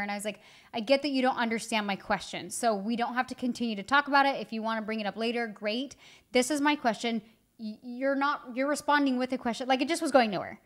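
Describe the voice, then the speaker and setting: A woman co-hosting a podcast with her husband, telling a story in candid chat, full of "like" fillers. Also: a little high. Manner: chatty storytelling with many "like" fillers. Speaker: co-host, wife of the other host.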